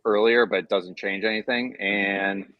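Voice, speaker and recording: A man's voice: lowish voice, fairly even intonation, moderate pace, no echo, dull audio. A man co-hosting a podcast, talking in an apologetic, sheepish and conceding way. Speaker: podcast co-host. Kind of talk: casual chat.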